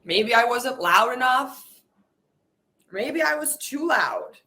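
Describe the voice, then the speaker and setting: A woman's voice: fairly high pitch, lively intonation, slow pace, sharp tone. A woman hosting a podcast, leading a guided emotional release exercise and voicing her hurt and frustration aloud in a raw, unfiltered way. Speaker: podcast host.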